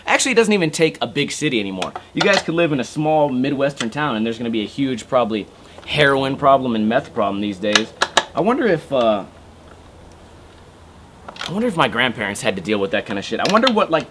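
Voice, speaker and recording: Young guy, casual home vlog, swears a lot, slight background hiss. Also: medium pitch. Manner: swears constantly, rambling and animated. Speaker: skateboarding vlogger. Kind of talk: casual chat. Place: home room.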